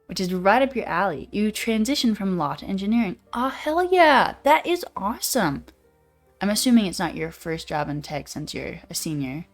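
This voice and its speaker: A woman's voice: medium pitch, big pitch swings, moderate pace, soft background music. A young woman hosting a livestream, chatting casually and reading viewer comments aloud in a laid-back, playful way. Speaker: livestream host.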